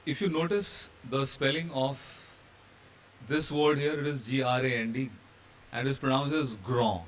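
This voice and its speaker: A mid-pitched man from India teaches step by step, spelling out letters and pausing on fillers as he moves through his slides. His steady voice sits over a faint background hiss. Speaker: hotel training instructor. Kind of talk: slide-based pronunciation lesson.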